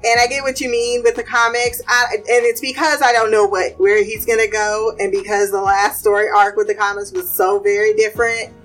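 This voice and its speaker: A woman's voice: mid-range voice, little pitch movement, a little fast, hardly any pauses, fairly bright tone, soft background music. Teasing woman podcast co-host. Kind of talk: casual podcast chat.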